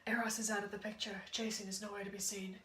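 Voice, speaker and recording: A woman voicing a gloomy, deadpan female alter ego with a morbid streak in a school drama presentation. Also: medium pitch, quick pace, natural voice. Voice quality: flat, deadpan. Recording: echoey room, faint hum.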